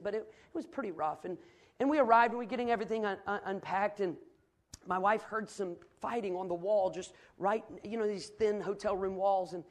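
A middle-aged man preaching a sermon and telling a personal story in an earnest, folksy way, with frequent restarts. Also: sits high.

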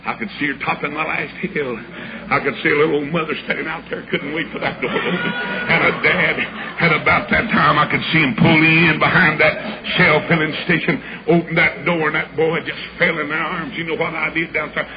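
On a hissy, muffled old recording, an older man with a slightly high voice preaches briskly in a level tone. He spins a folksy, dramatic story for his sermon, performing the voices of its characters.

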